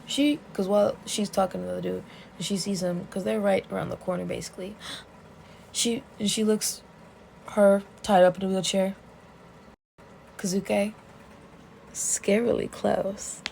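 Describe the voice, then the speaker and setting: Young woman vlogger, lively profane storyteller, gravelly fry. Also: mid-range voice, measured pace, pauses often, a little hiss or hum, poor audio. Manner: animated, profane, laughing storyteller. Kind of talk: casual story recap.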